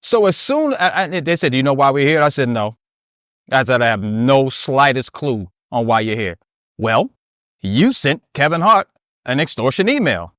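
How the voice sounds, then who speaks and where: A man's voice: medium pitch, normal speed, clean tone, no echo, studio quality. A man, a military veteran, telling a story in an interview and acting out the dialogue as he goes. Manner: animated retelling that acts out dialogue, often asks "you know what I mean?". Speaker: interview guest.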